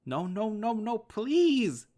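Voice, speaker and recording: A man voicing a young male animal-person who pleads with his father, shrill and hoarse, sobbing. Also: very animated, takes it slowly, warm tone, exaggerated voice. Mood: desperate pleading.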